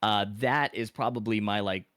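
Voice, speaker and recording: A man giving his opinion as a podcast guest in a thoughtful, measured way, often restarting phrases. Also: on the low side, a bit bright, clean tone, dry recording, clean studio sound. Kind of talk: casual analytical podcast talk.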